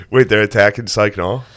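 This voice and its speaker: Low-voiced man teasing in casual chat. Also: a bit bright. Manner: teasing, profane, laughs often. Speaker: podcast host.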